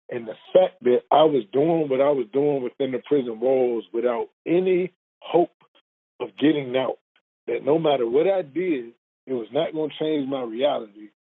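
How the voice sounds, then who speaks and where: A man's voice: mid-range voice, slightly rough. A man telling his own life story with strong emotion, earnest and repeating words when moved. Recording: phone-like narrow band.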